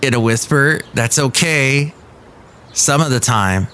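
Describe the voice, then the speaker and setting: A man hosting a casual solo podcast, commenting on music news in a rambling, opinionated way and reading quotes with lively swings. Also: mid-range voice, slow pace. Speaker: podcast host.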